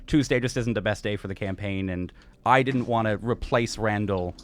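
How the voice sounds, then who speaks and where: Laid-back low-voiced young man running a game. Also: slight background noise. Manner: halting, laid-back narration with many fillers. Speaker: dungeon master. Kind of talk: narrating a tabletop game.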